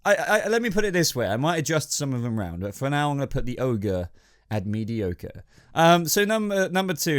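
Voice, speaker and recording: A young man hosts a casual ranking video, his voice hoarse but still fairly smooth underneath, pitched in an ordinary middle range. He thinks aloud as he goes, hesitant and rambling while he sorts his choices. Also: big pitch swings, moderate pace. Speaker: YouTube host.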